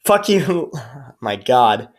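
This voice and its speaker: A man's voice: mid-range voice, sing-song, very slow, heavy background noise. A man, a YouTuber, ranting in a vlog, cursing and sarcastic, rambling with restarts. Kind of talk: profane angry rant vlog.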